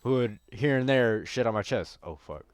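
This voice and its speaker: A man's voice: mid-range voice, expressive, normal speed, clear, resonant tone, no room sound, faint music behind. A man giving casual gameplay commentary, rambling and joking crudely with a lot of swearing. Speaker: gaming streamer.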